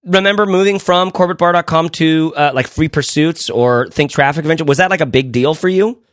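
A man's voice: on the high side, fairly quick, no room sound, studio quality. A man co-hosting a casual podcast, rambling with lots of restarts and frequent laughs. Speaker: podcast co-host.

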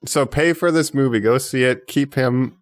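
A man on a movie podcast arguing his case with emphatic, half-joking insistence. His voice sits at a middle pitch. The delivery is chatty and unscripted. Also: moderate pace. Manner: emphatic, ranting with mock pleas. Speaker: podcast co-host. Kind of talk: casual chat.

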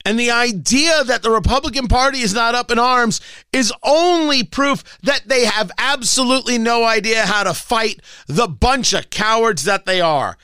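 A man's voice: very high-pitched, normal speed, sharp tone, clear, resonant tone, no echo, clean studio sound. A male talk radio host delivering a combative, sarcastic political rant.

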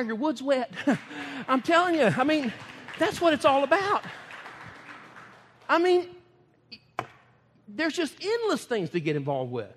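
A man's voice: very high-pitched, a bit bright, slightly rough, big-room sound. A man, preaching in a folksy, emphatic way and laughing often. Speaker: ministry speaker. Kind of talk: preaching talk.

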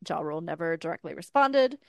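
Co-hosting a podcast, a woman in her thirties recounts someone's life story in relaxed chat, her smooth public-radio delivery laced with dry, deadpan humor. Her voice sits low and moves briskly, with no room sound.

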